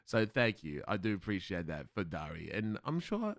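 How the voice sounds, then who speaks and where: Excitable, swearing Australian man streaming. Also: sits low, normal speed, vocal fry, no room sound, studio quality. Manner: loud, profane and excitable, swears freely. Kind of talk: casual live-stream chat with viewers.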